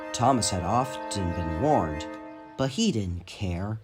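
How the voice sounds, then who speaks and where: A man narrating a children's train story in an expressive storybook manner. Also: lowish voice, slow pace. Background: music.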